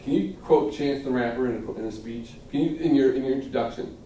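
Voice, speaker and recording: A middle-aged man with a medium-pitched, mellow voice talks a little fast while teaching how to give speeches. Casual and chatty, he keeps asking "okay?" and acts out the crowd's responses. The audio is roomy, picked up by a distant classroom mic with faint noise.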